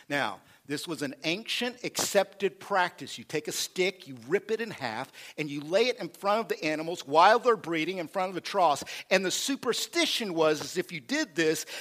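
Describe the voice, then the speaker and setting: A man preaching with animated energy, leaning into call-and-response with his congregation. His voice sits a bit high and rises and falls widely as he drives home each point. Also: moderate pace, hardly any pauses. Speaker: pastor. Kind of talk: sermon.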